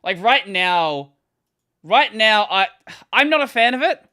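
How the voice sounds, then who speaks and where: A man's voice: sits high, expressive, a little slow, pushed and bright, smooth. A man streaming games who rambles casually, laughs often and keeps restarting his sentences as he reacts. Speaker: gaming streamer. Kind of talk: casual live-stream commentary.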